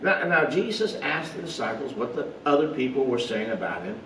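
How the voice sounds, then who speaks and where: A man's voice: medium pitch, big pitch swings, fairly quick, fairly bright tone, distant mic, slight background noise. Man preaching in an echoey room. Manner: earnest preaching with rhetorical questions, some slips and asides. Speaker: pastor. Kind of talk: online Bible study sermon. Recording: roomy echo, voice off-mic, faint ambience.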